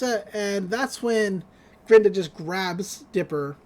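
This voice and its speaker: A podcast host casually recapping a cartoon episode, animated, laughing often and acting out the lines. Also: mid-range voice, slow.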